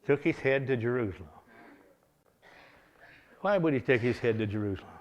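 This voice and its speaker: A man preaching a revival sermon, telling a Bible story in a folksy, animated way, often chuckling. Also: medium pitch, moderate pace, muffled recording.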